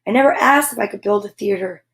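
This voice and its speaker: A woman's voice: medium pitch, fast talker, fairly bright tone, lightly acted. A woman voicing a cross male storybook critter, a fox or squirrel who grumbles and snaps. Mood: remorseful. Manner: grumbling, snapping.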